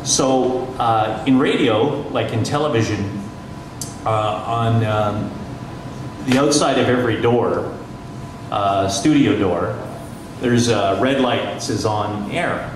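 A man's voice: fairly low pitch, slow. A middle-aged radio journalist telling anecdotes on a panel, chatty, laughing often and restarting his sentences. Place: panel discussion in a large echoey room. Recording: echoey hall from far off, noisy.

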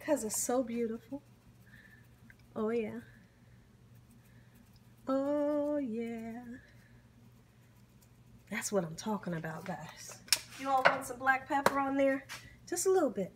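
Slow, exuberant woman tasting her cooking. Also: on the high side, expressive, a little hiss or hum. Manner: exuberant, savoring with hums and whoops; warm churchy exclamations and blessings. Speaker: cooking vlogger. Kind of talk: casual food tasting vlog.

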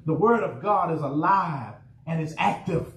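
Man preaching, high voice, call-and-response refrains, echoey church from a distance. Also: animated, unhurried, fairly bright tone. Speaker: pastor. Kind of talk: sermon. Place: church sanctuary.

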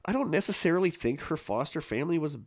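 A man's voice: on the high side, animated, quick pace, no room sound, studio quality. A man co-hosting a podcast in casual chat, sounding congested and worn out. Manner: congested, tired. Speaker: podcast co-host.

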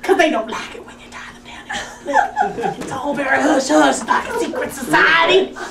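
A woman's voice: high voice, big pitch swings, moderate pace, vocal fry, exaggerated voice. A woman playing a brash, folksy Southern woman with a Southern US accent in an improvised comedy sketch, talking in a drawling, giggly, over-the-top way. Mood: gleeful. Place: film set, indoors. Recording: roomy distant mic, loud background noise.

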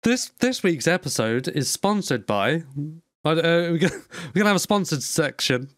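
A man co-hosting a podcast, swearing and laughing as he spins an everyday rant. His voice is a bit high and swings around a lot, and the sound is dry and close. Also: moderate pace, dry recording. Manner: lively, laughing, sweary storyteller. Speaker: podcast co-host. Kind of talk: casual banter.

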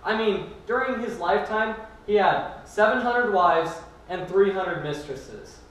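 A man's voice: high-pitched, measured pace, fairly bright tone. A young man giving a youth sermon as a student preacher, telling a personal story in an earnest way. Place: church hall. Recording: echoey room from far off.

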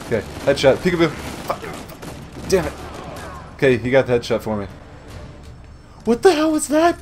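A man giving casual, joking commentary while playing a shooter game, swearing often and yelling at enemies. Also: fairly high pitch, sing-song, normal speed, long pauses. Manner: jokey, swears a lot, shouts at enemies. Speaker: gamer doing a let's play. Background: faint game music and gunfire.

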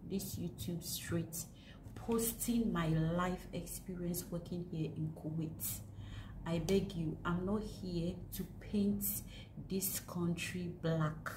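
Slow-spoken aggrieved woman from Ghana. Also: fairly low pitch. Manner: aggrieved and emphatic, repeating herself. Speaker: vlogger. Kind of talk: casual vlog monologue. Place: indoors in a house. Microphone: camera on a stand. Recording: echoey room with faint background noise.

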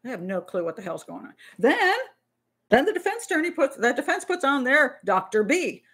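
A middle-aged woman hosting a live Q&A stream as a criminal profiler. Her voice sits a little high. She talks bluntly and animatedly, often restarting her sentences. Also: sing-song, a little fast, a bit bright, husky. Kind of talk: casual live-stream talk.

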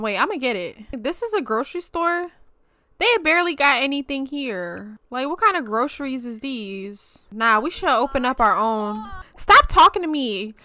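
Her high-pitched voice comes through with no echo as this young gaming channel host plays a life-sim game. The commentary is playful, chatty, and animated, with lots of slang and laughter.

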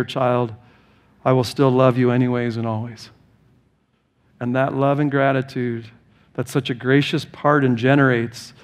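A man preaching a sermon as pastor, building to passionate emphatic lines and acting out voices in his stories. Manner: impassioned preaching, rising to high emphatic lines; tells stories and acts out quoted voices.

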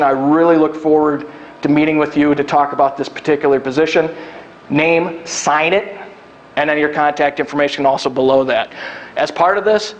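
A man's voice: fairly high pitch, highs cut off. A man who works as a recruiter, giving job search advice to an audience in a down-to-earth, joking way, acting out quoted lines. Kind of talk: presentation to an audience.

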